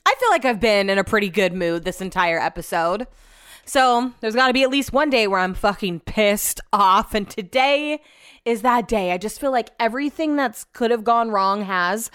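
A woman with a fairly high voice hosts a casual solo podcast from her home office, rambling through a rant and swearing freely. The sound is dry and close, with no room echo. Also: animated, a little fast, a bit bright, clean tone. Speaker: podcast host.

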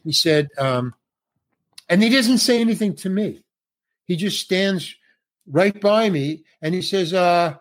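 This guest, a middle-aged actor, shares a casual anecdote from a film shoot while performing the other people's dialogue. His high-sitting voice is animated yet a little slow, with long pauses.

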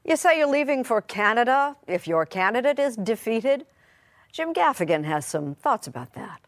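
A woman anchor reads news links crisply and smoothly. Her pitch is mid and lively, and the studio sound is dry and close. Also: moderate pace, no room sound, soft background music.

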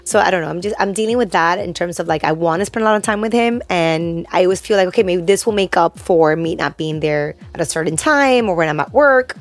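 Woman, podcast co-host, fairly low voice, chatty, laughs easily. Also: fast talker, few pauses, faint music behind. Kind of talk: casual chat.

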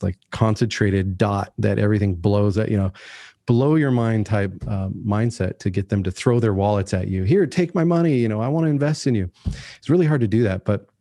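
A man's voice: fairly low pitch, mellow, dry recording, clean studio sound. A man in his forties, a guest on a podcast, talking casually and earnestly with many restarts and acted-out quotes. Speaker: podcast guest, author and tech founder.

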